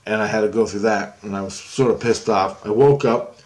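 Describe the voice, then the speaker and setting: A man's voice: on the low side, a little fast. A man telling a rambling story to camera in a casual way, laughing often and losing his thread. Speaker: vlogger.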